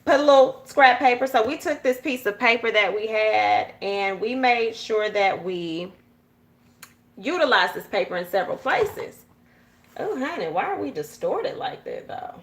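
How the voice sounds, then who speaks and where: A woman from Georgia with a Southern accent, hosting a casual journal-with-me tutorial and chatting straight to her viewers. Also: medium pitch. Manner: chatty, talks straight to viewers with frequent "y'all" and "okay?". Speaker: journaling channel host.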